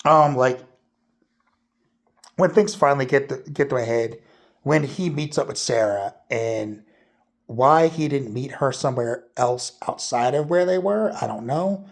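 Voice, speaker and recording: A man talks through a movie review in a loose, rambling way, full of fillers and casual swearing. His voice carries a noticeable gravelly fry, while his pitch sits in an ordinary middle range. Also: expressive, a little slow. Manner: rambling, profane, lots of fillers.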